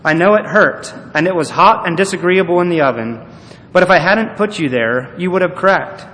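Brief: man playing a patient old-style potter master, soft and measured, echoey hall. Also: sits high. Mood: gentle. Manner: quiet, gentle, measured speech. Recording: echoey hall, faint noise.

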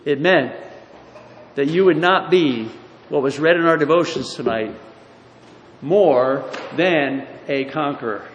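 A man's voice: a little high, animated, measured pace, pauses often, a little hiss or hum. Man preaching a sermon in an echoey hall. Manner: emphatic preaching, swinging between loud and hushed. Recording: echoey hall, somewhat distant.

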